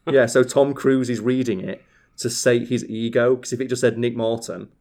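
A man chatting on a podcast, launching into animated rants full of swearing. His voice sits at a middling pitch for a man. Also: moderate pace. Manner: animated, swearing, ranting storyteller. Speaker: podcast co-host. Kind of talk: casual chat.

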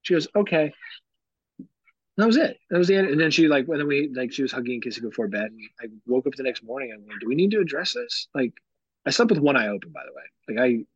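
A man's voice: mid-range voice, rapid-fire, husky, no echo, dull audio. A man in his thirties, a podcast co-host, chatting casually and acting out the quotes in his stories. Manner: animated storyteller, acts out quotes. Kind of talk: casual chat.

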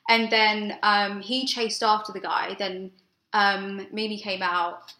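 Bright, echoey woman telling stories. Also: mid-range voice, slow pace. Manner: storytelling, swears freely, animated when excited. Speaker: podcast co-host. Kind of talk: casual chat. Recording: roomy echo.

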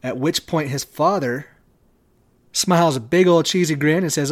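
A man hosting a devotional podcast, speaking in a measured way with long pauses. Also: fairly high pitch. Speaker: podcast host. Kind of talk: devotional talk.

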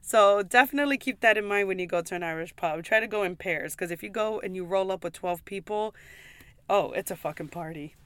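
A woman's voice: medium pitch, fairly quick, a bit bright, clean tone. A woman who works as a pub server, giving chatty, emphatic advice in a casual vlog, swearing freely and peppering her talk with "like" and "okay?". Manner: frequent "like" and "okay?" asides.

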